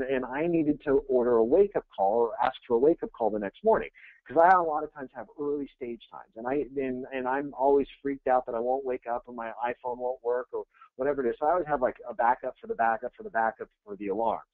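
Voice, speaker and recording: A male coach talks fast and with energy, mixing jokes into his coaching stories for a webinar. His voice sits at an ordinary pitch and comes through a thin, phone-like line. The sound is dry, with no room echo. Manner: energetic, joking, fast anecdotes. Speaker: real estate coach. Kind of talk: webinar coaching talk with storytelling.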